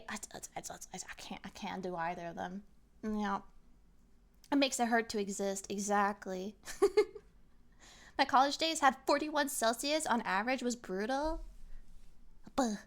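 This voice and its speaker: With a fairly high voice at normal speed, this young female streamer pauses often as she chats loosely with viewers. She stays lively and animated, sometimes performing their comments.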